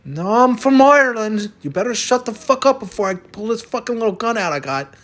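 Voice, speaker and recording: For a comic sketch over a fantasy lineup, a man uses a high, expressive and fairly bright voice at a brisk clip. His character is brash and stubborn, insists he's Irish, and brags bluntly with some swearing.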